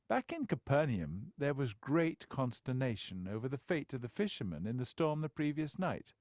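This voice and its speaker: A male narrator reads a story with lively, expressive intonation that swings widely. He tells it with a wry storyteller's touch. The recording is close and dry, with no room around it. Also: mid-range voice, dry recording. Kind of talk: scripted narration.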